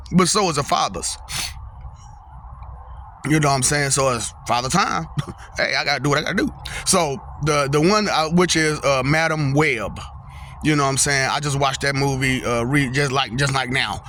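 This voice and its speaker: A man's voice: mid-range voice, moderate pace, pauses often, sharp tone, a little hiss or hum. A young man talking casually to his viewers outdoors, rambling, laughing often and repeating "you know what I'm saying". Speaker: vlogger. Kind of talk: casual monologue to camera. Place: outdoors, windy.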